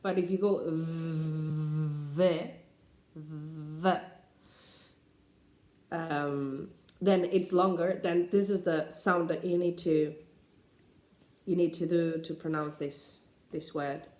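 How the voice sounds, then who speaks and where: A woman teaching English pronunciation, talking slowly and deliberately with frequent hesitations. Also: lowish voice, fairly even intonation, a little mellow, roomy sound. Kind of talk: pronunciation lesson to camera.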